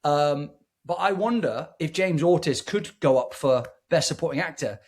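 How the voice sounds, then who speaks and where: A man co-hosting a casual movie review podcast, talking in an excitable, effusive way with frequent restarts. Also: on the high side, normal speed. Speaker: podcast co-host.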